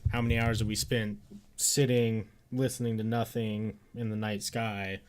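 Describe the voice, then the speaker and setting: Casting: male podcast co-host, lowish voice, loose and profane, casual. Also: level tone, normal speed. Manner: loose, profane, laughs often. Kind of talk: casual chat.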